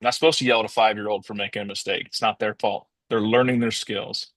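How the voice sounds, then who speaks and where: A man's voice: fairly low pitch, steady tone, fast, fairly bright tone, no echo. Casual motivational male talker, dry sound. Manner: casual and rambling, restarts often, addresses listeners as guys. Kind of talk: motivational storytelling talk.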